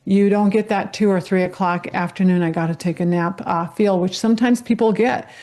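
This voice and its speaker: A woman's voice: mid-range voice, steady tone, brisk, warm tone. A woman who is a guest health educator, explaining things in an earnest, encouraging way. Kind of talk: casual explanatory chat.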